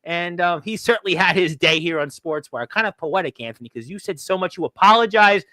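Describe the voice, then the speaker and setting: A man's voice: sits high, a little fast, pushed and bright, no room sound. A man hosting a talk radio show, rambling along with lots of "um" fillers.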